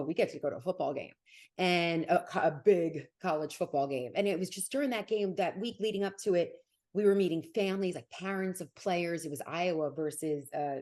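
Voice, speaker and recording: A woman in her forties with a New Jersey accent, a sports broadcaster talking quickly and animatedly as an interview guest. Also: lowish voice, a little mellow. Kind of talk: casual interview.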